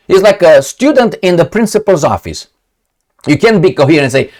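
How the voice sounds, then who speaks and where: Animated, exasperated man ranting. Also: on the high side, moderate pace. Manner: rambling, exasperated, with many hesitations and restarts. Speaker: commentary vlogger. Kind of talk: opinionated commentary to camera.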